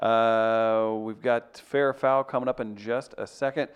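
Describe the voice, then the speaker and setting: A man hosting a casual chat show, relaxed and making dry wisecracks. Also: medium pitch, a little slow, clear, resonant tone. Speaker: podcast host.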